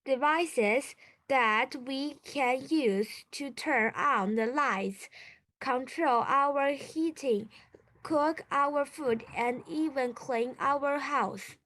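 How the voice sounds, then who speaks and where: A woman learning English, reading a passage aloud in a halting way and restarting difficult words. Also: high-pitched, a bit bright.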